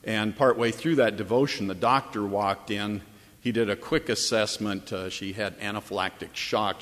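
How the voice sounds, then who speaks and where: A man's voice: on the low side, a bit bright, big-room sound. A man preaching a sermon as pastor, telling a story earnestly and building to emphatic, repeated points. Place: church or chapel.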